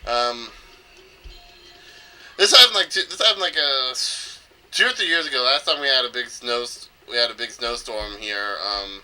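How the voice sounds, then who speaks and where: Man from North Carolina, let's play host, rambling casual commentary, very bright sharp tone. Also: mid-range voice, lively intonation, normal speed, poor audio. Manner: rambling, thinking aloud with filler and self-corrections.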